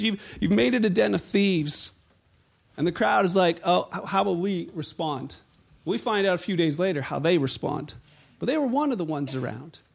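Guy preaching, high voice w some gravel in it, acts out the crowd as he tells it. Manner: animated storytelling with acted-out crowd voices. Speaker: pastor. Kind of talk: sermon.

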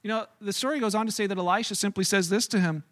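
A man preaching a casual sermon to a live congregation, telling the story in an animated, chatty way with lots of restarts. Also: high-pitched, racing, no echo, clean studio sound. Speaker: pastor. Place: church hall with a live congregation.

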